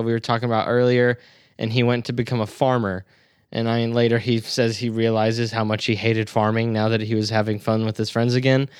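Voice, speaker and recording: A man's voice: mid-range voice, clear, resonant tone, dry recording, studio quality. A man co-hosting a podcast, chatting casually about a movie with crude jokes and frequent laughter. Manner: crude, joking, laughs often. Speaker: podcast co-host. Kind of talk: casual movie review chat.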